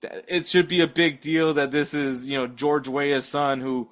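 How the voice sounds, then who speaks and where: Bright, stammering young man. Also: fairly high pitch, little pitch movement, normal speed. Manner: stammers and restarts often, chuckles between points. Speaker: podcast guest. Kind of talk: casual sports chat.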